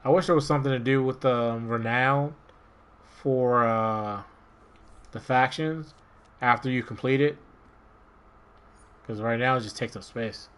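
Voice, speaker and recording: Male streamer from Maryland, relaxed rambling play-by-play. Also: medium pitch, unhurried, long pauses, smooth. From Maryland, USA. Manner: rambling, relaxed, talks to himself while playing. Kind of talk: casual gameplay commentary.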